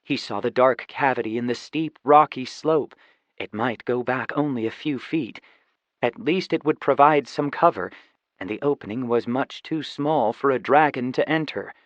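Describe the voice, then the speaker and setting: A man narrating a fantasy audiobook in a steady, even storytelling voice. The recording is dry, with a slightly dull, muffled tone. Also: medium pitch, normal speed, no echo. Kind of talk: scripted narration.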